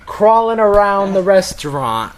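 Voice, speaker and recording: A man's voice: sits high, sing-song, unhurried, poor audio. A man casually telling a story to friends, rambling with lots of "like" and restarts.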